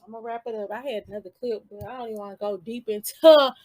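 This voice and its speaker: A woman's voice: fairly high pitch, quick pace, a little mellow. A woman hosting her own channel, giving casual commentary full of rhetorical questions and asides.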